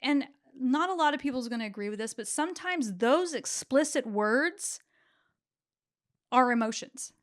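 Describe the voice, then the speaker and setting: A woman's voice: high voice, animated, moderate pace. A middle-aged woman, a therapist hosting a podcast, telling stories in a reflective, casual way with frequent restarts.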